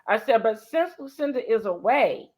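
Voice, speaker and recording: A woman in her fifties, co-hosting a show, shares a personal story with emphasis, repeating key points and acting out dialogue. Her fairly high voice is a little mellow, with lively intonation at a moderate pace, on a dull lo-fi recording.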